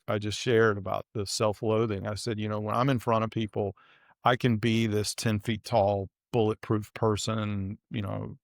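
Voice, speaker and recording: A low, gravelly man speaks in an earnest, halting way, restarting his sentences as he tells a story in an interview. His voice stays flat and even, and the sound is dry and close. He is middle-aged. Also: no echo. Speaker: guest.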